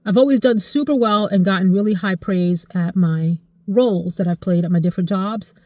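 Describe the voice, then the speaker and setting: A woman in her forties chatting casually to camera about her life, expressive and emotional, her voice jumping high when she gets excited. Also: normal speed, no echo, studio quality. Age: 40s. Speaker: vlogger.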